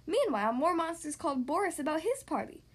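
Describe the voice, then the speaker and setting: A woman reading a children's picture book aloud in an expressive, sing-song way. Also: high voice, a little fast. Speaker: storyteller.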